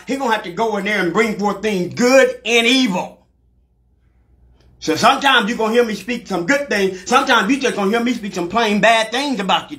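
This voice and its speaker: Fiery preacher man, bright high voice. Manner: preaching with shouted bursts and call-outs. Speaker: pastor. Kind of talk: fiery live sermon. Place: church sanctuary.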